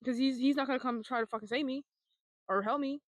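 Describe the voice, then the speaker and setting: A woman's voice: high voice, quick pace, no room sound. A young woman vlogging, telling her own life story in a candid, blunt way, with free swearing and sarcastic asides.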